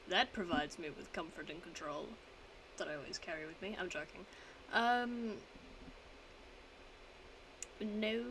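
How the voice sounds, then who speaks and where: A woman's voice: medium pitch, sharp tone, a little hiss or hum, rough recording. A young woman streaming from home, chatting casually as she reads quiz statements aloud and answers them in a rambling, self-mocking way.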